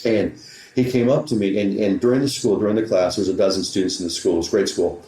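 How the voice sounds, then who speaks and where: A golf teaching pro with a warm, lowish voice tells a story during a podcast interview, acting out the quick back-and-forth of the conversation. The recording has a roomy echo.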